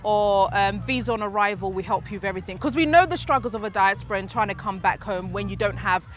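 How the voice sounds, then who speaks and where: A woman's voice: mid-range voice, quick pace, soft background music. A woman hosting a casual conversation, chatty and full of conversational asides. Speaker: host.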